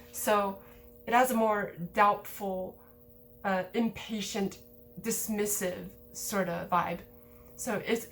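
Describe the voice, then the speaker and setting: A woman's voice: mid-range voice, slight background noise. Casual woman explaining grammar. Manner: relaxed, conversational, frequent "like" and "um" fillers. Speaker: language teacher.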